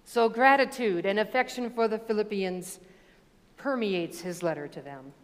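A woman preaching a sermon, reading scripture and telling stories in a measured, deliberate way. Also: medium pitch, long reverb tail. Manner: measured, deliberate delivery with storytelling asides.

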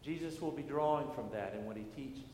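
A middle-aged pastor preaching a sermon in a church, speaking in a deliberate, emphatic way with measured pauses. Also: male voice, medium pitch, a little mellow, a little hiss or hum. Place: church sanctuary. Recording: echoey hall with faint ambience.

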